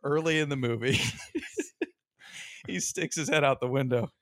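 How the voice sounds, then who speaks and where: A man's voice: medium pitch, unhurried, a bit bright, no room sound, studio quality. A man co-hosting a sports podcast in casual chat, retelling funny movie scenes and laughing as he goes. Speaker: podcast co-host.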